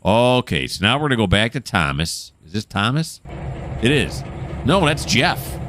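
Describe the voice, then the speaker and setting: A man's voice: medium pitch, sing-song, normal speed, noisy background. A man casually commenting while playing a train game, rambling and correcting himself as he goes. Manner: rambling, self-correcting, chatty. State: hiccuping. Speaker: gameplay host.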